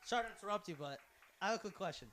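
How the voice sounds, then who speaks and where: A teenage male student doing color commentary for a school lacrosse game, rambling off topic and bursting into shouts at big plays. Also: sits high, rapid-fire, a crowd in the background. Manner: rambling and excitable, prone to tangents and sudden shouts. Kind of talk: student sports broadcast commentary.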